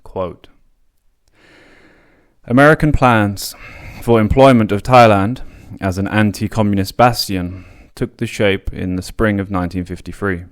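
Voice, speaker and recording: A man with a somewhat low voice reads long passages from a history book for his podcast. He mixes the quotes with relaxed asides and now and then trips over a word and restarts it. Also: measured pace, pauses often. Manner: occasional stumbles and restarts on words. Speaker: podcast host. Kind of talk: reading and paraphrasing a history book aloud.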